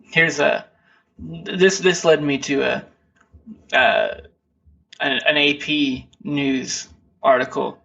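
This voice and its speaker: A man's voice: fairly high pitch, steady tone, slow, vocal fry, long pauses, sharp tone. Rambling man on a distant lo-fi mic. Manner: laid-back, rambling, frequent fillers and restarts. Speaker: podcast co-host. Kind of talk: casual chat.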